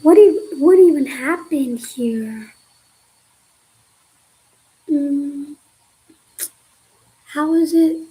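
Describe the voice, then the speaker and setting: High-voiced young woman muttering to herself. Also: extremely slow, pauses often, dark tone, low-quality recording. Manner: mutters and half-whispers to herself while working problems; casual, slangy, swears freely. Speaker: student livestreamer. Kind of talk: study livestream, thinking aloud.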